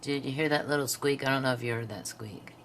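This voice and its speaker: Woman, very low voice, casual craft chat, soft asides, faint background hiss. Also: fast talker. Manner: chatty, talks to viewers while working. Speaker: craft channel host. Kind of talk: casual swatching narration.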